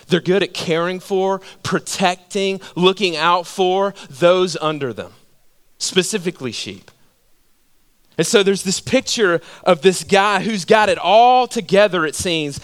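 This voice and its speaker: A male pastor delivers a sermon with a notably high-pitched voice. He tells stories in an animated way and keeps drawing listeners in with rhetorical questions. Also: measured pace, smooth.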